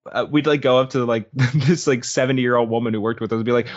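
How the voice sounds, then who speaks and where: An animated man chatting on a podcast, bouncing into other voices as he tells stories. His tone is even and mid-pitched, and the sound is muffled and lo-fi. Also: very fast, few pauses. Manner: animated storyteller acting out quotes. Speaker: podcast co-host. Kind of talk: casual chat.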